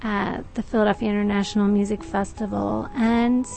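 A woman who teaches music, reading a story aloud and reflecting on it in a slow, thoughtful way with pauses. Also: mid-range voice, little pitch movement, gravelly, darkish tone, low-quality recording.

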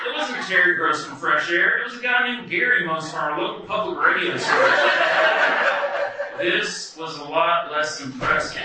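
A man's voice: sits high, recorded from a distance, very noisy. Wry man telling a story in an echoey hall. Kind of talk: first-person story performed live.

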